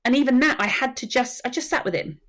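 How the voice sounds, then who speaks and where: A woman's voice: high voice, expressive, fast. Woman, earnest death educator. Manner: earnest storytelling, acts out quotes. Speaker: soul midwife and death educator. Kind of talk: podcast conversation.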